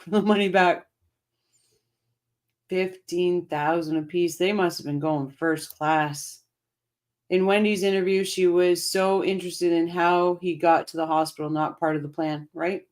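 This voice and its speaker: A livestream host who says they are losing their voice, chatting casually, reacting and reading viewer comments over court footage. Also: mid-range voice. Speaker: host of a true-crime livestream.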